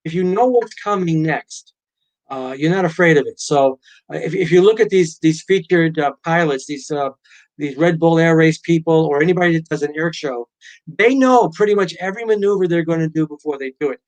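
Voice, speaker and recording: A man's voice: a little high, fairly quick. A middle-aged man, a guest author and pilot, telling stories in a casual interview and acting out quotes. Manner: animated storyteller, acts out quotes.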